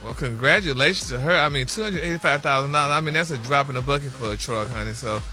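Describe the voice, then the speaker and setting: A man with a medium-pitched, bright, forceful voice talks fast over soft background music. He reports celebrity news on a radio show in a sassy, gossipy, chatty way, working "honey" and "y'all" into every sentence.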